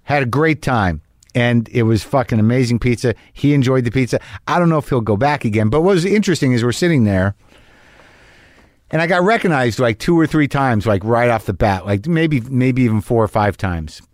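A man's voice: mid-range voice, animated, fairly quick, no echo, clean studio sound. A man hosting a podcast, rambling casually with many restarts and fillers. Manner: rambling, self-interrupting, laughs often. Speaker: podcast host. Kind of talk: casual chat.

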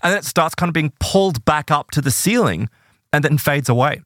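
A man's voice: on the high side, lively intonation, fairly quick, fairly bright tone, dry recording, studio quality. A man hosting a podcast, retelling a paranormal encounter in a casual, dramatic way with plenty of filler words.

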